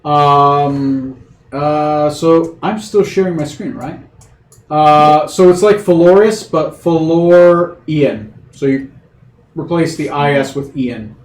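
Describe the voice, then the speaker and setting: Male game master, raised pitch, rambling delivery, echoey room on a call mic. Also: slow pace. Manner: loose, rambling explanations with frequent fillers. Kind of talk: running a tabletop game over a video call. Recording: roomy echo.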